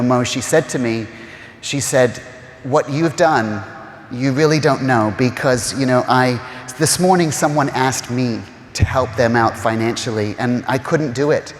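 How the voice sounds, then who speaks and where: Heartfelt man with fillers, echoing hall. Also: medium pitch. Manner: heartfelt, choked up at times, many "you know" fillers. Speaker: interview guest, real estate agent. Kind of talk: emotional conversational storytelling. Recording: roomy reverberant hall.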